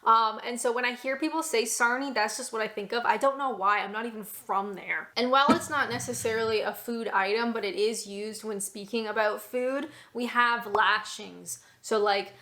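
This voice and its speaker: A young woman with a Canadian accent talks through a list of words in a relaxed, chatty way. Her voice sits a touch high, and she laughs and acts out little example phrases as she goes. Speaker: video creator explaining British words. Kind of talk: casual explanation to camera.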